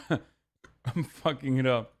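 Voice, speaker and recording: A man's voice: medium pitch, drawn-out words. A man hosting a stream, reacting to a video with sarcastic, profane jokes. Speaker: streamer host. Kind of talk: casual reaction commentary.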